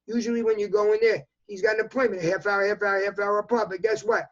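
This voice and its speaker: A man's voice: sits high, level tone, quick pace. Emphatic 85-year-old New York man. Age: 80s. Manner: emphatic, repetitive, talks in bursts. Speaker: interview guest. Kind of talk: remote news interview. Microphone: video call. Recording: dull lo-fi video call audio.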